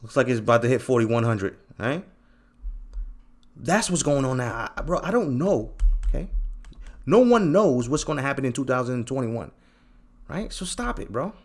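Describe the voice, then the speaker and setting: Guy doing casual chart talk for his viewers, mid-pitched voice, slangy and teasing, keeps repeating himself. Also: very animated, moderate pace, pauses often. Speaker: trading channel host.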